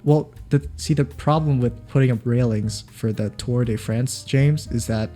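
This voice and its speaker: A man's voice: medium pitch, normal speed, mellow, faint music behind. A young man co-hosting a podcast in casual chat, rambling and restarting his sentences. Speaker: podcast co-host.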